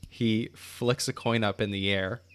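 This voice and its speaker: Low-voiced man running a tabletop game. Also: measured pace, clear, resonant tone. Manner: descriptive, relaxed narration with filler ums. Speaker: game master. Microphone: video call.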